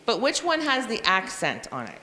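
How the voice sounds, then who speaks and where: A reading teacher gives a professional development talk to other teachers, explaining phonics lessons and sounding out letters and spellings as she goes. Her mid-range voice swings hugely in pitch at a normal speed, pushed and bright. A long hall reverb hangs on the recording.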